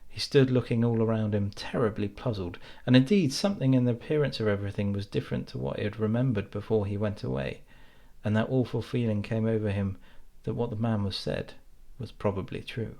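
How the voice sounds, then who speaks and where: A man reading a fairytale aloud in a calm, measured way. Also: fairly low pitch, creaky. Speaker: storyteller.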